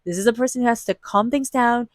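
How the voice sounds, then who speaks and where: A woman's voice: on the high side, quick pace, no echo, studio quality. A woman giving an intuitive tarot reading, talking in an earnest, repetitive and emphatic way, full of spiritual encouragement. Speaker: tarot reader.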